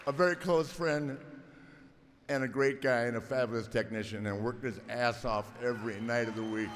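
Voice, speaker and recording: A man's voice: medium pitch, fairly even intonation, normal speed. A man in his sixties giving a rambling, emotional acceptance speech full of stories, stammering and laughing, close to tears. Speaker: hall of fame inductee. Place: large arena hall before an audience. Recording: long hall reverb, crowd noise.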